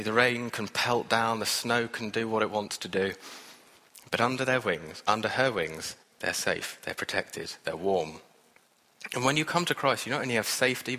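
A man's voice: on the low side, pushed and bright. A man preaching a sermon in an earnest, conversational way, adding self-deprecating asides. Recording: reverberant hall.

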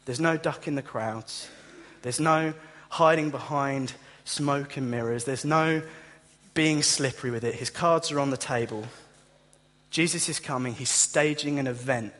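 Animated male preacher in a reverberant hall. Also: medium pitch, unhurried. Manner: animated storytelling, acts out voices with humour. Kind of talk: sermon.

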